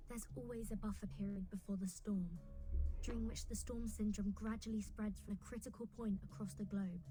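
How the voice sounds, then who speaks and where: An actress playing an earnest young female agent in a game, reporting in a calm, precise way. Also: close to an everyday voice, low-quality recording. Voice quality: calm, precise, low-key briefing. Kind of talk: game voice acting.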